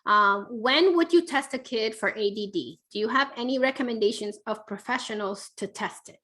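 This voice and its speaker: A parenting expert answers viewer questions on a live online Q&A, giving casual advice. Her voice sits a little high and moves at a moderate pace. She reads the questions aloud and coaches in a warm, conversational way, with plenty of fillers.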